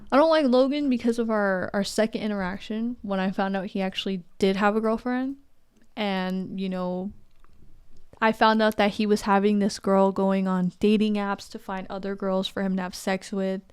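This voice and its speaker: A woman's voice: medium pitch, fairly even intonation, moderate pace, clean tone. A woman speaking as a guest on a casual podcast, candid and opinionated, laughing often.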